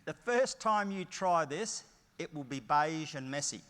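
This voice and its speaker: A man's voice: on the high side, lively intonation, a little slow, fairly bright tone. A middle-aged Australian man giving a motivational conference keynote, emphatic and story-driven with punchy short phrases. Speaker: keynote speaker. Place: large conference hall. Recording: long hall reverb.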